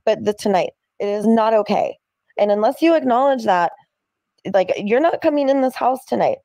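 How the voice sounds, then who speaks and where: A woman setting boundaries over the phone in a firm, measured, lecturing tone. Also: fairly high pitch, warm tone, dry recording, studio quality. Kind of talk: calm therapy-speak argument.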